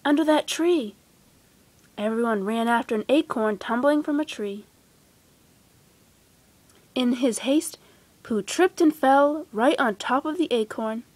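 A woman gently and expressively reading a children's storybook aloud. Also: a little high, a little slow, long pauses, no echo. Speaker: storybook reader.

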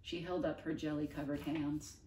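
A woman reading a children's book aloud in an expressive, unhurried way. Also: low voice, slight background noise. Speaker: storyteller. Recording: roomy, distant mic.

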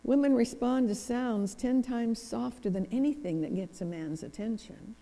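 A woman's voice: fairly high pitch, moderate pace, creaky, warm tone, in a large hall. A woman giving a storytelling lecture as a guest speaker, acting out both sides of conversations. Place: church hall.

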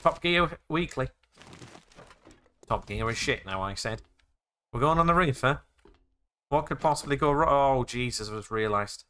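A young man playing a zombie game, excitable and jokey, narrating his actions with "I said". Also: mid-range voice, normal speed. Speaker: gaming YouTuber.

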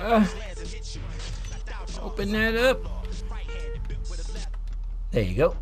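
A young male gaming streamer talking through his play, excitable and constantly swearing. His pitch swings wildly and sits a little high, and he breaks into sudden yelps. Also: unhurried, soft background music. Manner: excitable, profane, yelping outbursts. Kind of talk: casual gameplay commentary.

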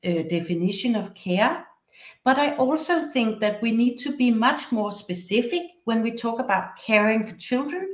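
Danish-accented woman lecturing in echoey room. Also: on the high side. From Denmark. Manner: measured, explanatory storytelling. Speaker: university professor and researcher. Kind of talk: academic lecture.

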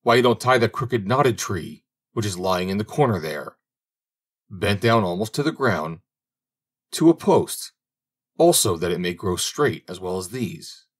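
A man's voice: fairly low pitch, expressive, a little slow. A man voicing a grown son who has become a master thief, speaking in a self-assured way in a storybook audiobook. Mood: probing. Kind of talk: audiobook reading.

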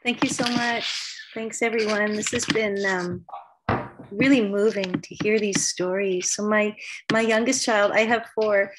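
A middle-aged woman, a writer, reading her personal story aloud in a measured, thoughtful way. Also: mid-range voice, fairly even intonation, background noise.

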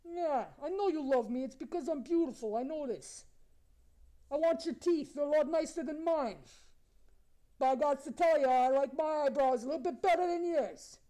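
A brash, ugly male monster with razor teeth, voiced by a performer heckles strangers in a comedy video-chat skit. His voice sits high and mellow. He talks in crude, mock-flirty taunts. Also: normal speed, lightly acted. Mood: brash taunting.

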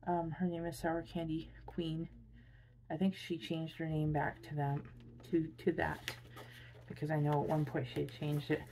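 A tired woman chatting casually while unboxing gifts, gushing with excitable squeals over cute things. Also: sits low, moderate pace, a little hiss or hum. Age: adult with a son. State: tired, drained. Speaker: vlogger.

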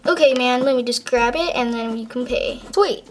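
A woman's voice: a little high, normal speed, lightly acted. A woman voicing an eager young male pet shopkeeper in a toy skit, chirpy and flustered, often stammering. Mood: busy. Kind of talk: toy skit role-play.

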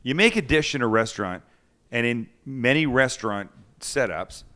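A man hosting a casual chat, telling a story in a lively way, acting out the people he quotes and swearing freely. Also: mid-range voice, normal speed. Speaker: host.

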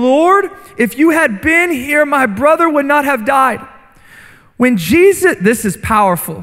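A man preaching a sermon as a guest speaker in a church, impassioned and repeating phrases, building to shouts. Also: very high-pitched. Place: church sanctuary. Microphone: handheld mic. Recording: long church reverb with faint music.

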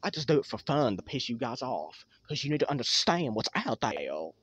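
A man ranting straight at his viewers, confrontational and goading. His voice is husky and breathy with lively rises and falls, and the sound is dry and close. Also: mid-range voice, fairly quick, no echo, muffled recording. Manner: confrontational, provoking. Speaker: channel creator.

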